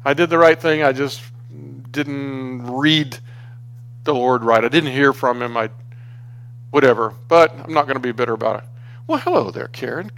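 A man delivers a storytelling sermon in a conversational way, frequently restarting his sentences and growing animated when exasperated. His voice is medium-pitched and clean, at a moderate pace.

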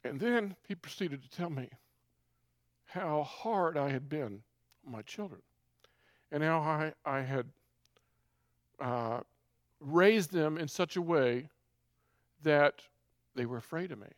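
Earnest middle-aged man, slightly high voice. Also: slow, pauses often, no echo, clean studio sound. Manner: earnest, confessional, conversational. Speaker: speaker giving a personal testimony. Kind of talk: personal testimony storytelling.

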